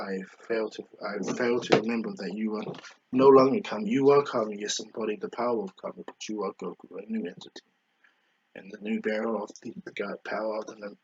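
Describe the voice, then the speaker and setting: A man voicing an ancient, wise male alien elder, speaking slowly and softly in a solemn, welcoming way. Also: fairly low pitch, steady tone, lo-fi sound, slight background noise, close to an everyday voice. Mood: gentle earnest.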